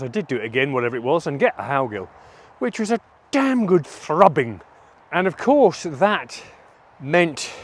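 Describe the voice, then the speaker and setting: A middle-aged man speaking in a personal vlog monologue, candid and self-reflective with a halting delivery. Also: a little high. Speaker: vlogger.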